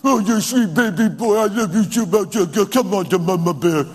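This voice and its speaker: A man's voice: high-pitched, normal speed, slight background noise, natural voice. A man voicing a doting mother who coos in baby talk, in a sermon with long reverb. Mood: cooing.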